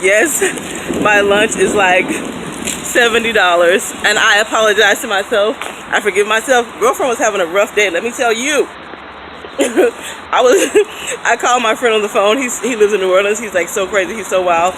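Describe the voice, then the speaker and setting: Thirties woman, casual animated vlogger, phone at arm's length outdoors, loud ambient noise. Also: medium pitch, normal speed. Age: 30s. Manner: chatty, animated, laughs often. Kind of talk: casual vlog chat. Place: outdoors in a city, by a fountain, then in a car. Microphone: phone held at arm's length. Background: street ambience, fountain, traffic.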